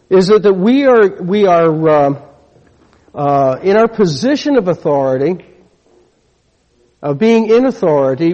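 Preacher in a reverberant church hall. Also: male voice, sits high, mellow. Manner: conversational preaching with frequent restarts, asks congregation to repeat. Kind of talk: sermon. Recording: dull lo-fi recording with long hall reverb.

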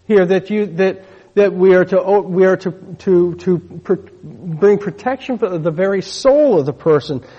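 Guy preaching a sermon, higher voice but mellow, lots of restarts, long echo, kinda dull lo-fi sound. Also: husky. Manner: conversational preaching with frequent restarts, asks congregation to repeat. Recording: dull lo-fi recording with long hall reverb.

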